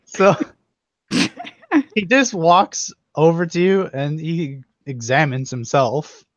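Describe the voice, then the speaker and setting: A young man narrating as game master, laughing as he quotes characters in quick snatches. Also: on the high side, animated, dry recording. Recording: dull, dry lo-fi recording.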